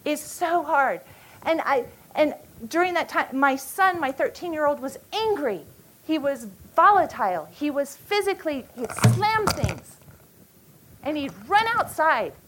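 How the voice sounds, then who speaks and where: High-pitched woman in her 40s giving a retreat talk, earnest, stops and restarts a lot, gets emotional telling stories. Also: sing-song, fairly bright tone, a little hiss or hum, low-quality recording. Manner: earnest, halting, emotional storytelling. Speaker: retreat speaker. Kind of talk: women's retreat teaching.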